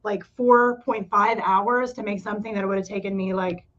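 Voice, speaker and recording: A woman's voice: medium pitch, steady tone, moderate pace, a bit bright. Chatty middle-aged woman, slightly dull recording. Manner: chatty, rambling, self-deprecating. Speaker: podcast co-host and cafe owner. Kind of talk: casual chat.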